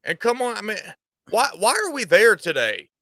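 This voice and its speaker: High, bright Southern US man ranting. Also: huge pitch swings, normal speed, no room sound. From Georgia, US. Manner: angry, profane. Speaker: gaming streamer. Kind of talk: ranting monologue.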